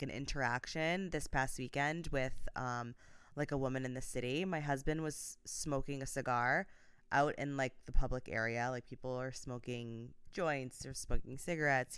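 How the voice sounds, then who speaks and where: A woman's voice: a bass voice, a bit bright, clear, resonant tone, no echo, studio quality. A woman in her thirties hosting her own podcast, talking casually and upbeat with lots of fillers. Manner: chatty and upbeat, many "like" fillers. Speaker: podcast host, life coach. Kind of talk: casual solo podcast talk.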